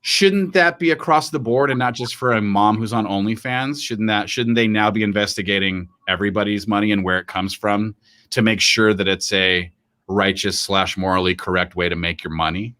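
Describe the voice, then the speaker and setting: A man's voice: fairly low pitch, moderate pace. A man co-hosting a live stream, rambling in casual chat with jokes and asides. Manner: rambling, animated, jokey. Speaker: co-host.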